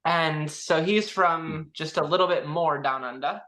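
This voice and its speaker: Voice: mid-range voice, unhurried, bright, forceful tone, rough recording. A podcast co-host telling a self-deprecating story in casual chat.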